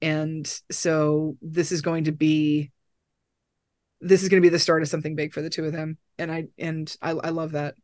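Rambling, excited podcast film reviewer. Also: medium pitch, normal speed, no room sound, clean studio sound. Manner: rambling and enthusiastic, with many restarts. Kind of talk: casual film discussion.

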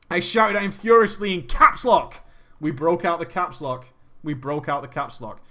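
A man's voice: fairly high pitch, expressive, a little slow, pauses often, pushed and bright. A man reading a gaming story aloud and riffing on it with comic commentary, laughing often and swearing freely.

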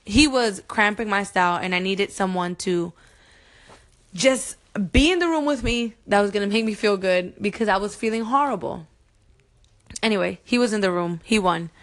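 Woman vlogger, 30s, heartfelt and earnest, middle-pitched voice, speaking straight to her audience. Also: moderate pace. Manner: addresses viewers directly. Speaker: mom vlogger. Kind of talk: personal storytelling to camera.

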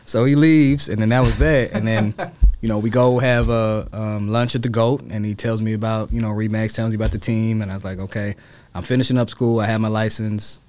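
A real estate agent recounts his story in a casual interview, animated and acting out quoted voices in a raised tone. His own voice is fairly low and fairly quick.

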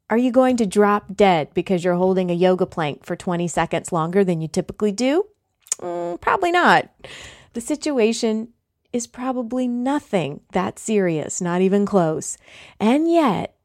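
Woman coach, solo podcast host, emphatic and motivational, mid pitch. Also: darkish tone.

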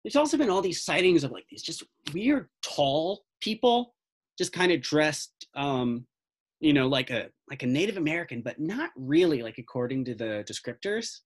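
A role-player voicing an excitable older man with a Southern accent who rambles and hesitates. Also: moderate pace, breathy edge. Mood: excited. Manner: rambling, hesitant, rises to high excited pitch.

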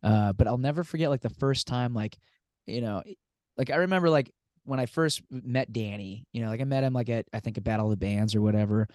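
A man's voice: medium pitch, fast talker, no echo. A man, a singer-songwriter guest, telling stories casually with constant "like" fillers. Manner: animated, says "like" constantly. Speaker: guest musician. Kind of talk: casual storytelling.

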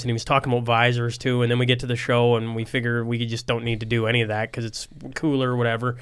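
A man's voice: medium pitch, flat delivery, quick pace, few pauses, clear, resonant tone. A man hosting a casual chat, making points in an earnest, hesitant way. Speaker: podcast host.

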